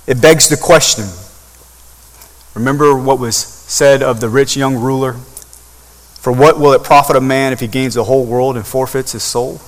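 A man's voice: mid-range voice, steady tone, moderate pace. A man preaching a sermon, rising repeatedly to impassioned peaks. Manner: building to impassioned crescendos. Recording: long hall reverb.

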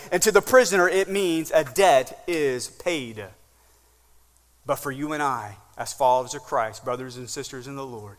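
Pastor preaching in a reverberant hall. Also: male voice, a little high. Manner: dynamic, swings from hushed to loud. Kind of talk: sermon. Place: church sanctuary.

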